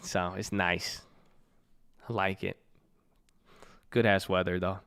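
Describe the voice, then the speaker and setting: A man's voice: low voice, little pitch movement, slow, fairly bright tone, smooth. A young man from Southern California streaming at his computer, chatting casually with viewers in a joking, slangy, profane way. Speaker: live streamer. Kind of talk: casual chat reading viewer messages. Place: at a computer, indoors.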